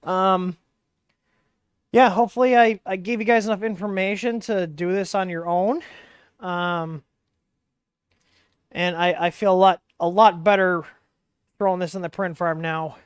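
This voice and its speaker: A man's voice: sits high, fairly even intonation, measured pace, pauses often, smooth, no room sound, clean studio sound. Rambling man hosting a tech livestream. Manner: rambling, filler-heavy, explains while tinkering. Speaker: livestream host. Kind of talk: casual hands-on tech livestream. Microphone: wireless mic.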